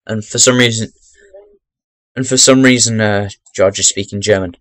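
A young man giving chatty, rambling commentary while playing a video game into his webcam microphone, breaking into sudden loud exclamations. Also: on the low side, fairly even intonation, moderate pace, long pauses, no room sound. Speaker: gaming commentator. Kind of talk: chatty let's-play commentary.

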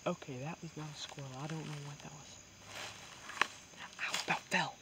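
Moving through the forest on a hunt, a vlogger chats and whispers to his viewers over a background of crickets and insects. His medium-pitched voice stays steady in tone at a normal speed, with a touch of vocal fry.

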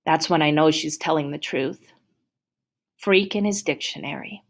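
A woman reading a novel aloud in first person with a steady, plain storytelling manner. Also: low-pitched, normal speed. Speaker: audiobook reader.

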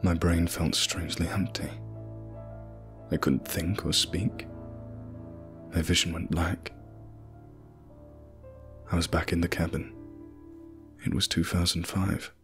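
A man narrating a scripted first-person horror story in a measured, grim way. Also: deep voice, level tone, music in the background.

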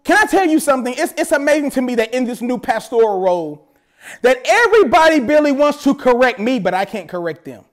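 A man preaching a sermon as pastor at a church service, animated, with playful asides. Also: very high voice, fairly quick.

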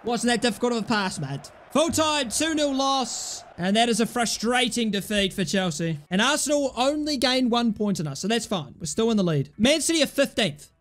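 A young man commentating his own football game play, excitable, grumbling at misses and yelling at goals. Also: extremely high pitch, a little fast, hardly any pauses. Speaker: gaming YouTuber. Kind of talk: casual gameplay commentary.

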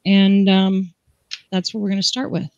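A woman's voice: mid-range voice, little pitch movement, moderate pace, a little mellow, no echo, highs cut off. Chatty woman hosting a craft stream. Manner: chatty, enthusiastic, explains step by step. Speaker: craft show host. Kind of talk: live craft demonstration.

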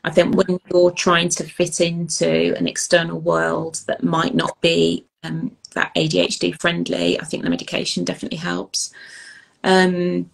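Gravelly husky-voiced woman. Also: on the low side, poor audio. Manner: thoughtful, earnest, halting with many ums. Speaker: ADHD youth coach, guest. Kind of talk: interview conversation.

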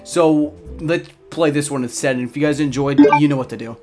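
A young man hosting a gaming channel, talking through a horror game, jumpy and quick to yell and swear when startled. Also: on the high side, loud music behind the voice. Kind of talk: gaming commentary.

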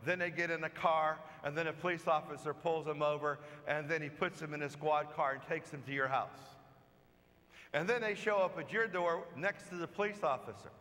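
A man's voice: on the high side, steady tone, moderate pace, sharp tone. A man preaching a sermon as a pastor, telling stories in a conversational way and acting out the quoted lines. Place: church. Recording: long church reverb.

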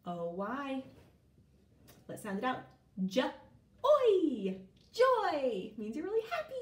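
Slow sing-song woman teaching phonics. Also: on the high side, reverberant. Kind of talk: online phonics lesson for young children.

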